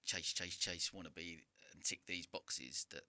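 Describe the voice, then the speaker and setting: A British man hosting a podcast, asking long, searching questions with halting restarts. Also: low voice, bright, forceful tone, no echo. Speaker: podcast host. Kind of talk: casual podcast interview.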